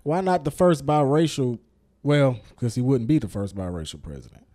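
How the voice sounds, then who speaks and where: A man's voice: mid-range voice, sing-song, normal speed, dark tone. A man co-hosting a casual podcast, blunt and emphatic, swearing freely. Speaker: podcast co-host. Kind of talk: casual chat.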